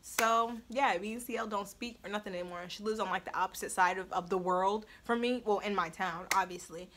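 Young woman, bright voice, casual storytime vlog, blunt, swears a lot, laughs often. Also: mid-range voice, a little fast, slight background noise. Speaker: storytime vlogger.

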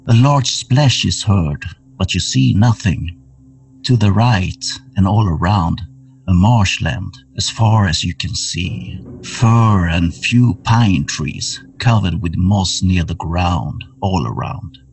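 A man narrating a horror tabletop game as game master, setting each scene slowly and atmospherically. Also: deep voice, gravelly. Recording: somewhat distant mic with music underneath.

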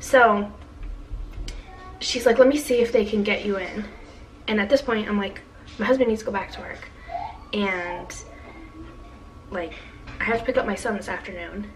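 A woman's voice: medium pitch, normal speed, long pauses, far from the mic, low-quality recording. A young woman telling a long personal story in a casual vlog, chatty, with lots of fillers as she quotes what others said. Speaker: vlogger.

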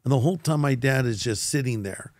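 An older man tells a long personal story as an interview guest, putting on the voices of the people he quotes. He has a medium-pitched voice recorded dry and close, with no room sound. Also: fast, dry recording. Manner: animated storyteller who acts out quoted voices. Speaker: guest pastor.

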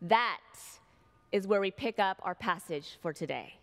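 A woman pastor delivering a sermon, slow and emphatic, with dramatic pauses, recorded in a church sanctuary. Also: medium pitch, animated, creaky. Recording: long hall reverb.

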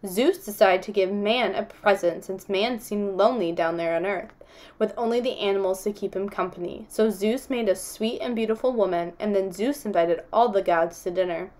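A woman's voice: mid-range voice, moderate pace, darkish tone, natural voice. Insistent, earnest young girl, read by a woman narrator. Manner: earnest and indignant.

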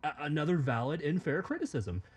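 Male commentator, scripted and sarcastic, profane. Fairly high, very animated delivery. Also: fairly quick, husky. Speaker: YouTube commentator.

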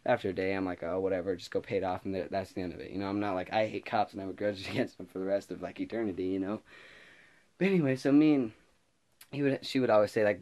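A teenage boy vlogger telling a rambling high school story, laughing often as he goes. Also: fast. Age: teens. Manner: rambling, laughing, animated retelling. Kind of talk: casual storytelling vlog.

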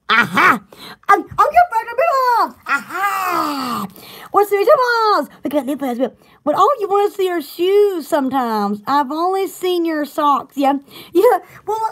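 A woman from Alabama chats with her viewers at home in a very high, squeaky voice that leaps up and down in lively swoops. She rambles and giggles, restarting her sentences and bursting into excited little exclamations. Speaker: vlogger chatting to viewers. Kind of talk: casual chat.

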